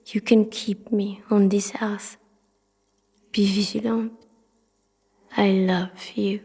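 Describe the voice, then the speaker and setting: A whispered role-play of a city spirit in a video game. The voice is an unvoiced, breathy whisper, slow and even, with hardly any rise or fall. A long, hall-like reverb trails each phrase. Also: female voice, medium pitch, heavily acted. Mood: intimate. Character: the city itself, an ancient loving spirit.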